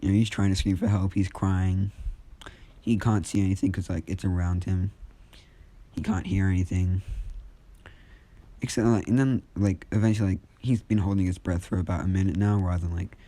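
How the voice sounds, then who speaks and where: A man's voice: low-pitched, steady tone, moderate pace, warm tone. A young man casually retelling a fan story, rambling with lots of fillers and restarts.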